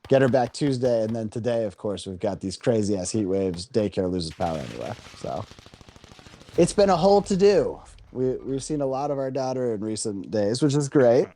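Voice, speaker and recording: Lively, mellow-voiced man chatting. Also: medium pitch, normal speed. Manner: animated storyteller, acts out other people's lines. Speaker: podcast co-host. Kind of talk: casual chat while gaming.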